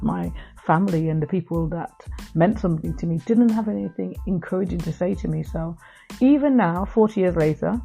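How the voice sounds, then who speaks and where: Middle-aged woman podcasting, earnest and heartfelt, low gravelly husky voice, faint music behind. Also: mellow. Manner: earnest, heartfelt storytelling to listeners. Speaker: podcast host. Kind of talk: personal reflective podcast talk.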